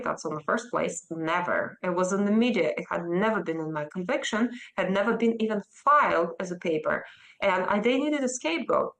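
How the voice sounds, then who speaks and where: Russian-accented woman, interview guest, defiant and emphatic, mid-pitched voice. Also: fairly bright tone. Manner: emphatic, defiant, speaks in short insistent bursts.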